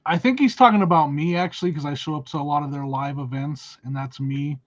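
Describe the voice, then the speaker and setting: A man's voice: on the high side, brisk. A man co-hosting a podcast, chatting casually with a dry, self-deprecating humor. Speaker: podcast co-host. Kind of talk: casual chat. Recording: dull lo-fi audio.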